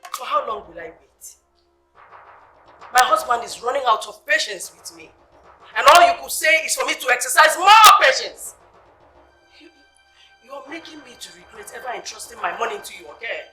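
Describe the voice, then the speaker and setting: A desperate, pleading wife. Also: female voice, a little high, animated, brisk, bright, forceful tone, faint music behind. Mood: anxious. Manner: pleading and insistent. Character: desperate married woman owed her savings. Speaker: investor. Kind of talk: film drama acting.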